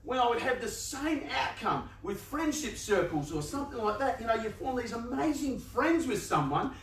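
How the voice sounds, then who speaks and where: A youth organisation speaker gives a motivational talk to a live audience in a large room. His voice is extremely high, sing-song and a bit bright, at a moderate pace. Conversational and playful, he laughs often and acts out people's inner voices, captured from a distance in an echoey room.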